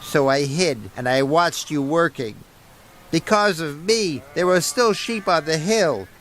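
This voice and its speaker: A man's voice: a little high, animated, measured pace, a bit bright, a little hiss or hum, pitched above the performer's own voice, rough recording. A man voicing a small, anxious male steam engine who finds his courage, speaking in a raised, earnest voice.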